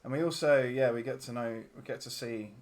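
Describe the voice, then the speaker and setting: A man's voice: medium pitch, steady tone, brisk. A man hosting a casual podcast about films, joking and laughing often as he chats. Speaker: podcast host. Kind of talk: casual film chat.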